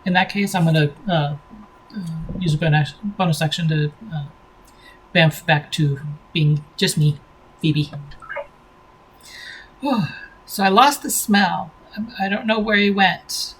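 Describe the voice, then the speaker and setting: A woman playing in a tabletop game, describing her moves haltingly. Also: fairly low pitch, slight background noise, poor audio. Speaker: player. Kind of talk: casual game chat.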